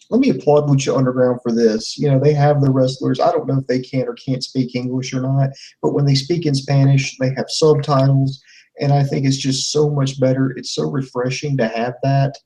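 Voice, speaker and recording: Rambling male co-host, mellow tone. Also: mid-range voice, fairly even intonation, moderate pace, distant mic, poor audio. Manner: rambling, heavy on "you know" fillers. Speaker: podcast co-host. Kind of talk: casual review chat.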